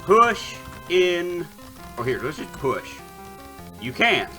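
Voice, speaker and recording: A man's voice: fairly high pitch, lively intonation, takes it slowly, a bit bright, soft background music. A man streaming a retro game, casually commenting, joking, and reading the game's text aloud. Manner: playful, joking asides, typing commands aloud.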